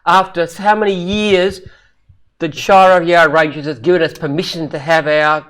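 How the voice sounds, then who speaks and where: Company founder, casual Q&A guest, fairly high voice, animated and laughing as he tells jokes. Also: normal speed. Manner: animated joke-telling with frequent laughs. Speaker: company founder answering questions. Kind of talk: casual live Q&A chat.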